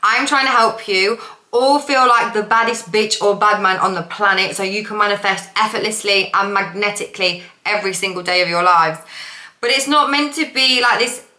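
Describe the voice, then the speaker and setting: Bright, chatty woman in an echoey room. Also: medium pitch, normal speed. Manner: chatty, swears freely, laughs at herself. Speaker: manifestation coach. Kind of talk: casual vlog talk. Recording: roomy echo.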